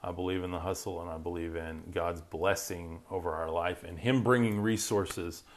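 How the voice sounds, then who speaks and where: A man's voice: low voice, steady tone, normal speed. A man hosting a Christian live stream, chatting casually and upbeat, reading viewer comments, his voice worn from talking. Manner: upbeat, rambling, reads viewer comments aloud. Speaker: Christian podcast host.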